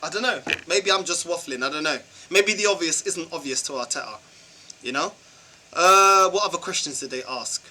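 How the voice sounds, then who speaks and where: A man's voice: fairly high pitch, normal speed, bright, forceful tone, a little hiss or hum, rough recording. A man ranting about football in a vlog, exasperated and firing off rhetorical questions in slangy talk. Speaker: football channel vlogger. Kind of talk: football fan rant vlog.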